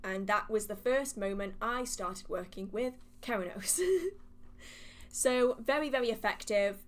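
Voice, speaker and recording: A woman hosting a live witchcraft Q&A, chatty and animated, laughing often as she reads questions from the chat. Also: medium pitch, a little slow. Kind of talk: casual livestream Q&A, reading chat questions aloud.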